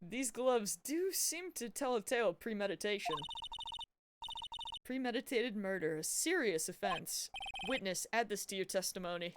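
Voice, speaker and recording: A woman voicing a solemn elderly male judge from a video game, speaking gravely. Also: medium pitch, expressive, normal speed, background noise, close to an everyday voice. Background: game music.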